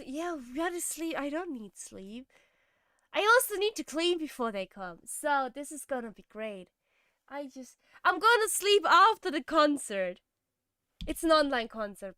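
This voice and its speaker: Young woman, high and clear voice, tired casual streamer, chatty, mumbles asides, dry close mic. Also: pushed and bright, no echo. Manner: chatty, laughing often, drops to a mumble. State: tired, sleepy. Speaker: streamer learning Korean. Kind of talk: casual live-stream chat.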